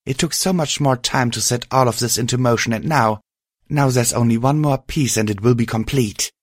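A man's voice: mid-range voice, normal speed, dry recording, studio quality, pitched above the performer's own voice, natural voice. A man voicing a wounded young female unicorn mare who speaks in a strained, defiant way. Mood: determined.

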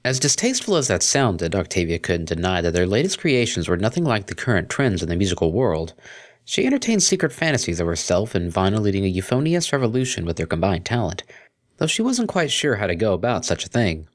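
A man narrating a fan fiction story aloud in an expressive storytelling manner. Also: on the low side, fairly quick. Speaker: story reader.

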